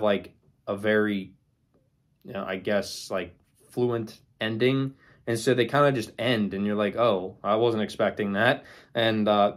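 A young man talking casually about old monster movies, rambling with many ums and likes. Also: fairly low pitch. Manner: rambling, many fillers and restarts. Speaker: movie reviewer. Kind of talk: casual movie ranking talk.

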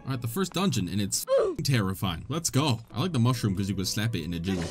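A gaming channel host narrates his gameplay let's-play style, cracking jokes and laughing a lot. He talks quickly, and his lively pitch swings high and low over soft game music.

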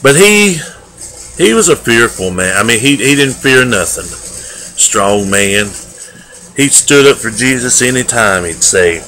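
A man giving a daily devotional, earnest and homespun in manner, with loose everyday grammar and drawn-out emphatic phrases. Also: mid-range voice, big pitch swings, pushed and bright, low-quality recording. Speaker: lay preacher. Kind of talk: folksy daily devotional sermon.

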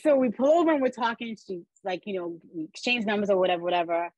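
Husky woman telling her story. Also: medium pitch, fast talker, no room sound, low-quality recording. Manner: animated storyteller acting out quoted voices. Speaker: podcast guest. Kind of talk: personal storytelling.

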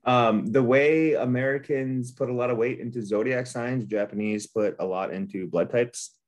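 A man hosts a casual manga review chat in an average-pitched voice. He rants freely, swears often and breaks into laughter between points. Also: fairly even intonation, moderate pace, a little mellow. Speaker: manga podcast host.

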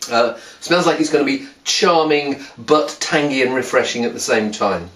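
A man's voice: mid-range voice, normal speed, fairly bright tone, distant mic. A man chatting casually as he tastes and reviews wines, wry and full of asides and restarts. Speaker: wine reviewer. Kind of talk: casual wine tasting video. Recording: roomy sound, voice a bit off mic.

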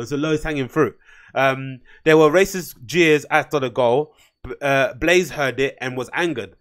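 A man with a slightly high voice hosts his own show in loose, unscripted commentary. He talks bluntly and swears often, rambling through fillers and restarts. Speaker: host. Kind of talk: casual commentary.

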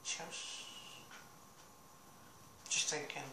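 A man's voice: extremely slow, bright, forceful tone. A young man rambling casually to camera in a vlog, chatty and self-mocking. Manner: chatty, scattered, self-mocking, talks to his dog. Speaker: vlogger. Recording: echoey room, faint noise.

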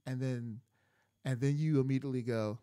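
A man's voice: mid-range voice, normal speed, dry recording, studio quality. A man co-hosting a casual sermon recap chat, telling stories with animation and sometimes groping for words. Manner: animated storyteller who gropes for words. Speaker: podcast co-host.

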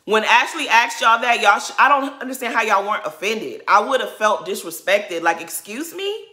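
Indignant woman with a bright voice. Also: medium pitch, brisk, roomy sound. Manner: indignant, emphatic, repetitive rhetorical build-ups. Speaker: reality TV recap vlogger. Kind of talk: opinionated recap commentary.

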